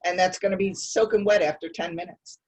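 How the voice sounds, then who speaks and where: A woman who runs a youth soccer association speaks on a video call. She explains her points in a measured, steady way. Her voice is somewhat low. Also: husky, poor audio. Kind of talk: casual video call meeting.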